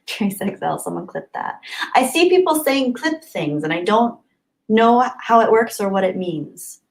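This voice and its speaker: A woman's voice: medium pitch, animated, unhurried, creaky, low-quality recording. A woman hosting a casual live stream, reading viewer comments aloud and chatting back, laughing often and sometimes dropping to near whispers.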